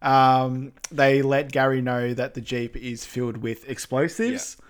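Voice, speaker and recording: A man co-hosting a podcast, adding to a casual film recap with quick agreements and short reactions. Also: mid-range voice, clean tone. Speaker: podcast co-host.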